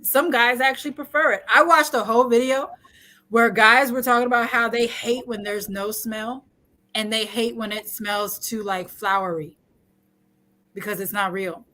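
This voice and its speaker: A woman's voice: on the high side, fairly even intonation, normal speed, sharp tone. A young adult woman hosting a casual chat, talking frankly and joking, often laughing. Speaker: host.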